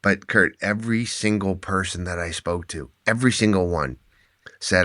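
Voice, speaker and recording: Deep, bright-toned male podcast guest. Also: moderate pace, dry recording, studio quality. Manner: animated, repeats and restarts words while telling stories. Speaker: guest, endurance athlete and author. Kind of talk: conversational podcast storytelling.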